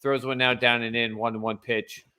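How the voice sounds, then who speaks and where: A man's voice: mid-range voice, level tone, normal speed, pushed and bright, clean tone. Male co-host, casual play-by-play. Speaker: podcast co-host.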